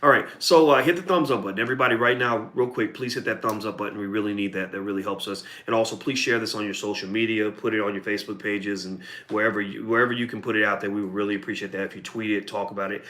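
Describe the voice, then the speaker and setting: A man's voice: fairly low pitch, steady tone, quick pace, hardly any pauses, sharp tone. A middle-aged man from Kentucky giving a blunt, combative video commentary monologue, full of profanity and emphatic asides. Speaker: online commentator.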